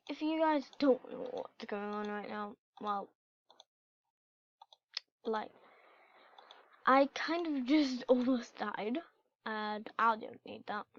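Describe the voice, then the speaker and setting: A woman giving casual, excitable commentary while playing a video game and chatting to her in-game pets. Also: fairly high pitch, dry recording. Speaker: gameplay channel host. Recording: dull lo-fi home recording.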